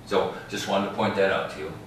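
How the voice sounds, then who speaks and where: A man's voice: sits low, steady tone, a little fast. A man guiding a ballpark tour, telling stories and tagging his lines with "all right?" and "okay?". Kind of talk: guided tour talk. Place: outdoors in a large ballpark. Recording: very echoey, distant mic, faint background noise.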